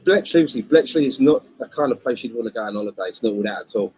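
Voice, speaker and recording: A man's voice: medium pitch, expressive, quick pace, darkish tone, slight background noise. Teasing Englishman on a podcast. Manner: teasing, dry humor. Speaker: podcast co-host. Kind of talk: casual podcast chat.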